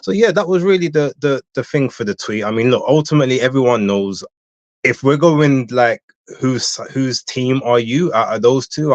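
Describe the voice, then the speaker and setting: Low-voiced, blunt man on a dry lo-fi feed. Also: no echo. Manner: blunt, opinionated, self-assured. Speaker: guest boxing commentator. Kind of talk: casual live-stream chat. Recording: dull, dry lo-fi audio.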